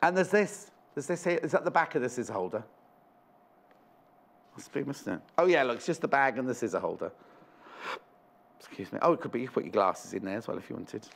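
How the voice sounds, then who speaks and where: A man's voice: medium pitch, animated, fairly quick, vocal fry, long pauses. A man presenting a live shopping show in a studio, chatty and rambling with jokey asides.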